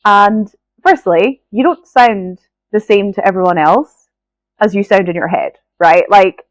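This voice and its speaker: A woman's voice: medium pitch, no echo, poor audio. A Scottish woman talks straight to her listeners in an earnest, encouraging podcast monologue, often checking in with "right?". Her voice is stuffy and nasal from a cold. The recording is close and dry, with no room sound. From Scotland. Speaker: podcast host.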